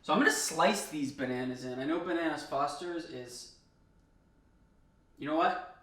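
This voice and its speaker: A man with a bright, slightly high voice tells a funny personal story while he cooks. He talks in a lively, chatty way and laughs often. He sounds like he is in a home kitchen. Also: moderate pace, a little hiss or hum. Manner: animated, laughing, conversational. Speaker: host. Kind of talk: comic storytelling while cooking.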